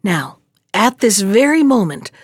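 A woman reading a fairy tale aloud, narrating in a measured, expressive way. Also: medium pitch, slightly rough, no echo, clean studio sound. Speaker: storyteller.

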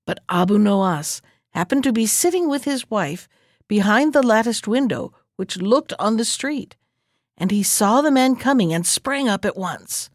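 A woman host reading a fairy tale aloud in a measured, clear way. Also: medium pitch, lively intonation, no room sound, studio quality. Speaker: storyteller host.

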